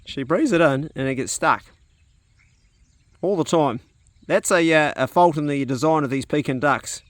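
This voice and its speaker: Crickets and farm animals can be heard as a New Zealander, outdoors on his rural property, chats his way through a vlog, speaking to the viewer and now and then to the animals. His voice is slightly higher, at a normal speed, with no room sound.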